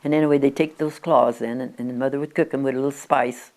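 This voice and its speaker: Low-voiced woman in her nineties. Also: fairly even intonation, quick pace, darkish tone. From Oregon, USA. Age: 90s. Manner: chatty, with frequent restarts and stumbles. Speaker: interviewee. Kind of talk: rambling reminiscing. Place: at her country home.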